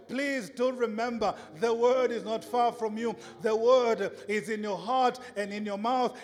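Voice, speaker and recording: A male preacher giving a sermon in a church, emphatic and repetitive, building to shouts. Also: high-pitched, in a large hall.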